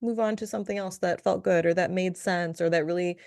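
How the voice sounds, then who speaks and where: A woman's voice: lowish voice, fairly even intonation, fairly quick, darkish tone, no echo, clean studio sound. A woman hosting a solo spiritual podcast, talking in a chatty, playful way with frequent giggles and asides. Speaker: podcast host, spiritual reader.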